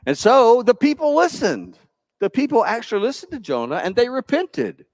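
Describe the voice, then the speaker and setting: A man pastor, telling a Bible story to children in church with lively, playful asides. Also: very high-pitched, moderate pace, no room sound, studio quality. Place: church sanctuary.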